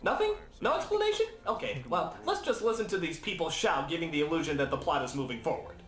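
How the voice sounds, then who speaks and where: A man's voice: on the high side, lively intonation, quick pace, a bit bright. A man narrating a sarcastic comedic film review, mocking and exclamatory. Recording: echoey, music under the voice. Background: music.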